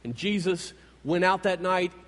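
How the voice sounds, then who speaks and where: Male preacher, sermon, animated storytelling, high voice, long hall reverb. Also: measured pace. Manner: storytelling, animated retelling of scripture.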